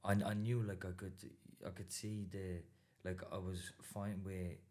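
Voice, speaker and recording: A man's voice: low-pitched, flat delivery, normal speed, darkish tone. A man in his thirties with an Irish accent, a boxer as guest, telling stories in a casual interview and swearing freely. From Ireland. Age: 30s.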